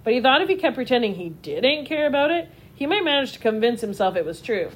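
A woman narrating a children's storybook in a steady, expressive reading voice. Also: on the high side, fast talker, a little hiss or hum.

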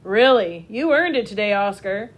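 A woman reading a storybook, voicing a gentle, kind-hearted middle-aged father who makes umbrellas. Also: medium pitch, lively intonation, moderate pace, close to an everyday voice. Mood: surprised.

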